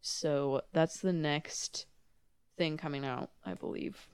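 A woman's voice: low voice, takes it slowly, darkish tone, smooth, no echo. A young woman co-hosting a casual podcast with her father, chatty and sarcastic, laughing often. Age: young adult. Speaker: podcast co-host. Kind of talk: casual chat. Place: her father's home office, indoors.

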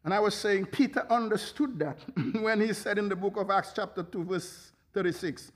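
A man's voice: high-pitched, moderate pace. A man preaching a sermon as pastor, fervent, with frequent hallelujahs and bursts of laughter.

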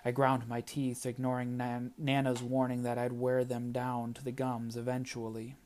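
A man narrating a first-person audiobook chapter in a steady, plain storytelling manner. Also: medium pitch, moderate pace, slight background noise.

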